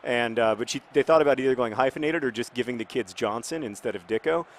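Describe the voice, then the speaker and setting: A man casually commenting on his football video game in a rambling, jokey way, breaking into excited shouts. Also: mid-range voice, fast talker, slight background noise. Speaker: gaming video host.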